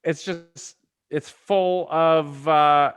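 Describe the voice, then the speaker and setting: A man's voice: fairly high pitch, fairly even intonation, extremely slow, a bit bright, smooth. A man co-hosting a podcast in loose, profane banter who laughs often and switches topics easily. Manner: swears a lot, laughs often. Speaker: podcast co-host.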